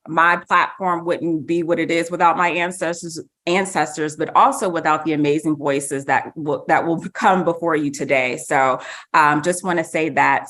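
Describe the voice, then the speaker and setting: Upbeat woman moderator with a very low voice. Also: a bit bright. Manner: upbeat, casual, hyping up the audience. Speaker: panel moderator. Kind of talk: moderating a panel.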